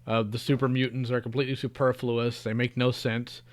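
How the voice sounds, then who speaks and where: A man on a podcast, chatting casually and critically, often trailing off quietly. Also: medium pitch, flat delivery, fairly quick. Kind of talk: casual chat.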